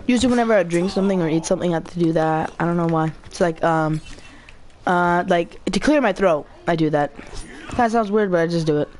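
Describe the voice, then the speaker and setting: A woman giving casual, rambling commentary while playing a video game, chatty and quick to get excited. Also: lowish voice, a little hiss or hum. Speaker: gamer.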